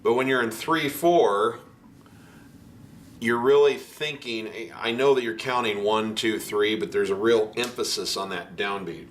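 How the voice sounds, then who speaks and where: A man teaching piano in a relaxed, chatty way, counting beats aloud as he explains. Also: fairly low pitch, unhurried, slight background noise. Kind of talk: casual instructional talk at the piano. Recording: piano music under the voice. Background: piano playing.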